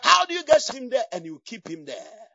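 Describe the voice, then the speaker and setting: A man preaching a charismatic sermon with fiery, shouted declarations and bursts of tongues. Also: very high voice, very animated, moderate pace, creaky, no echo. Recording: dull lo-fi, distant from mic, dry.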